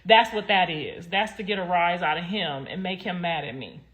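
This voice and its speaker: A woman's voice: fairly low pitch, moderate pace, a bit bright. Blunt, sassy woman ranting on a livestream. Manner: blunt, swears freely, rambling and emphatic; sassy, talks straight to viewers. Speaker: livestream host. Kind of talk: casual livestream commentary.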